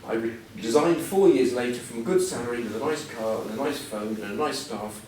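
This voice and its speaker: A man's voice: mid-range voice, fairly quick, darkish tone, slight background noise. Guest speaker, 60s, man. Self-mocking anecdotes, heard from a distance in a very echoey hall. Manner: self-deprecating, humorous storytelling. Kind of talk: anecdotal after-dinner talk.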